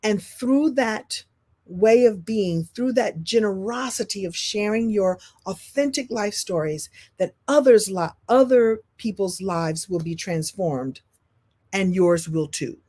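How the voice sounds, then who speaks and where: A woman giving an animated live-stream coaching talk, repeating phrases for emphasis and swinging from loud and high to soft and low. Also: slow. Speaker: speaker and business coach.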